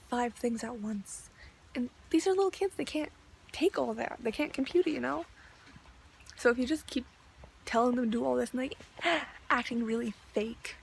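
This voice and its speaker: A woman's voice: fairly high pitch, vocal fry, slight background noise. A young woman ranting in a video diary, chatty and exasperated, with lots of "like". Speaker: vlogger.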